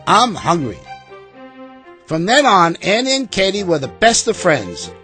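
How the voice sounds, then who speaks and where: A man's voice: high-pitched, normal speed, faint music behind. A man expressively reading a children's story aloud as the narrator. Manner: expressive, animated.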